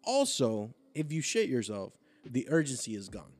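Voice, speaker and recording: A man's voice: medium pitch, very animated, normal speed, darkish tone, soft background music. A man in a casual group chat who lays out his reasoning step by step in a dry way.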